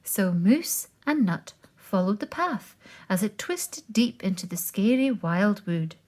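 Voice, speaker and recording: Slow, expressive storytelling comes from a woman reading a children's picture book in a medium-pitched voice.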